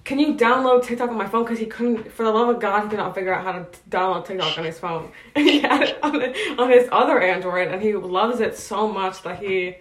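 A woman's voice: mid-range voice, fairly quick, few pauses. A teenage girl co-hosting a podcast, telling a story in a giggly, rambling way. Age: teens. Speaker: podcast co-host. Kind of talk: casual chat. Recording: echoey room.

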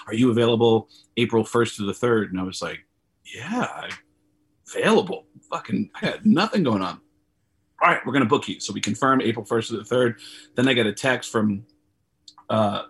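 This male comedian, appearing as a guest over video call, has a fairly low, slightly rough voice. He spins meandering, casual stories and performs impressions of whoever he's quoting.

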